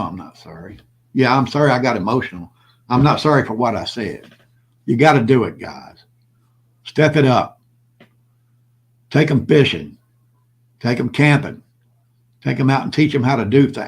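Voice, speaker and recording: A man's voice: mid-range voice, vocal fry, husky. An older man hosting his own vlog, talking bluntly and preachily to his viewers and repeating his points. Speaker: prepper channel host. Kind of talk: impassioned solo vlog monologue.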